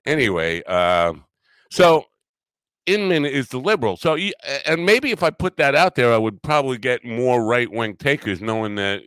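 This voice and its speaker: A man's voice: lowish voice, a bit bright, dry recording. A man hosting a podcast, talking casually and at length, self-deprecating and full of fillers. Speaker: podcast host.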